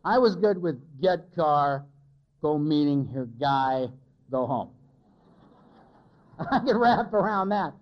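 Speaking slowly and expressively with long pauses, this man has a slightly high voice. He shares his own story, frank and self-deprecating, before a live recovery-meeting audience, captured on a dull, lo-fi recording.

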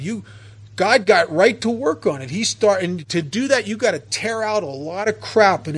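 A man with a fairly high voice tells his recovery story as a personal testimony. He stumbles and repeats words as he restarts his sentences, and drops in wry humor along the way. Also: a bit bright, slightly rough. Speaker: speaker sharing a recovery story.

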